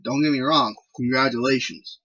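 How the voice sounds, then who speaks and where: A man's voice: mid-range voice, fairly even intonation, normal speed, bright, forceful tone, husky, dull audio. A man voicing a cocky young male wrestler who brashly taunts a champion. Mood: taunting.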